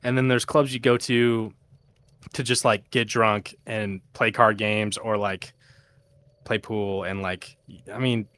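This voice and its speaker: A young man telling stories in casual chat. He swears a lot and acts out quoted people in a much higher voice. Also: steady tone, measured pace, fairly bright tone, no echo. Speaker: podcast guest, VR DJ.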